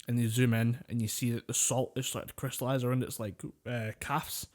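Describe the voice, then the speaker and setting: A man's voice: medium pitch, level tone, fairly quick. Casual swearing man on a podcast. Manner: rambling storyteller, swears freely, laughs often. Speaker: podcast co-host.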